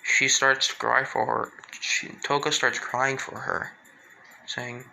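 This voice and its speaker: A man telling a fan story aloud, rambling and halting with fillers and restarts. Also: mid-range voice, level tone, gravelly, bright, forceful tone, a little hiss or hum, rough recording. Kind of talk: improvised fan-fiction narration.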